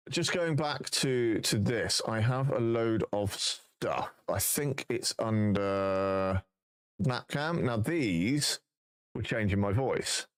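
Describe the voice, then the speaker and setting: A man's voice: on the low side, clean tone. A man live-streaming, chatting casually and thinking aloud while he fixes his voice settings.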